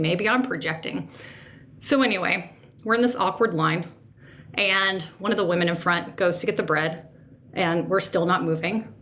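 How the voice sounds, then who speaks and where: A woman hosting a podcast, telling a personal story in an animated, emotional way and second-guessing herself aloud. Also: mid-range voice, slight background noise. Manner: emotional, sensitive. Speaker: podcast host.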